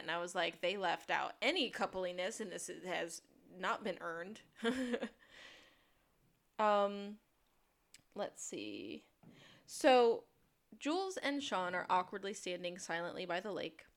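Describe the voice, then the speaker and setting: A woman's voice: mid-range voice, fairly bright tone. A woman co-hosting a podcast, recapping a TV episode in casual chat and acting out lines with laughs. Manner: chatty, acts out quotes with laughter. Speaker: podcast co-host.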